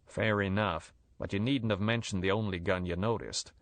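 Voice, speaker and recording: Touchy gangster boss, curt and menacing, low and dry, as a male narrator puts him on. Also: steady tone, moderate pace, a bit bright, no room sound. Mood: threatening. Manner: curt, blunt, threatening.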